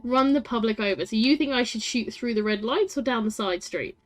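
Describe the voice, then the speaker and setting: A woman's voice: a little high, fairly quick. Woman, game streamer, chatty, laughs a lot, faint music behind. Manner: chatty, laughing, swearing, talks to chat. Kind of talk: casual game stream, reading aloud.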